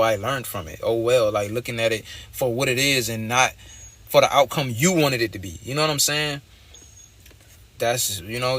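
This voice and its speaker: A man's voice: mid-range voice, a bit bright. A young man giving a casual tarot reading in a blunt, streetwise way, repeating his points as he talks. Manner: loose, conversational, repeats phrases. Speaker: tarot reader.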